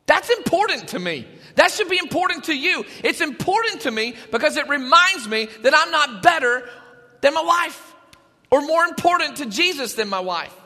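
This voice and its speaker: A man preaching a sermon as pastor, animated, shouting at times and dropping to a hush. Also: very high voice, in a large hall.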